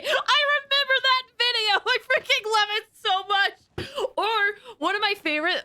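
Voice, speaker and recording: A young woman streamer chatting casually to her audience while playing, rambling through stories and giggling often. Her voice is high-pitched and bright. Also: sing-song, normal speed. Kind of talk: casual live-stream chat.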